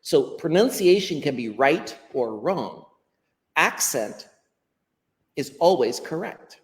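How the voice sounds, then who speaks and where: An American man, a language educator, explaining pronunciation in an interview in a lively teacherly way. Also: on the high side, takes it slowly, long reverb tail. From United States. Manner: animated teacherly explaining, acts out quotes. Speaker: ESL educator, guest.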